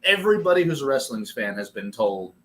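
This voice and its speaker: A man co-hosting a casual wrestling podcast, animated and laughing easily, swearing casually. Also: mid-range voice, a little fast. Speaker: podcast co-host. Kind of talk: casual chat.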